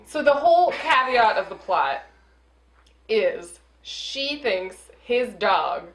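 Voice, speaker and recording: A woman's voice: on the high side, very animated, slow, a bit bright. A young woman hosting a movie review, sarcastic, chatting casually and acting out scenes. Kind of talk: casual chat. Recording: roomy echo.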